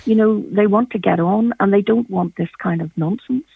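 A woman's voice: medium pitch, normal speed, vocal fry, breathy edge, no room sound. A Northern Irish woman calling in to a radio show, speaking passionately and with emphasis. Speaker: caller. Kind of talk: radio phone-in call. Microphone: phone. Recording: tinny phone line.

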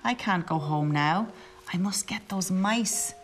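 A woman doing a posh, pampered tomcat from a storybook. He frets in a hushed, half-whispered voice and takes his time, pitched a little low. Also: a little slow, a little hiss or hum. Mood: worried. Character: posh pampered male house cat, fretful.

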